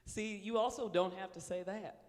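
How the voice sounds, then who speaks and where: A man's voice: sits high, steady tone, normal speed, in a large hall. Teasing, exasperated man co-hosting. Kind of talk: casual banter.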